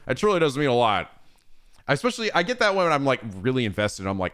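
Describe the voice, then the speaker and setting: Speaking fast in a clean, medium-pitched voice, the streamer goes through viewer messages on his livestream. He responds in a casual, laughing, animated way, swearing frequently.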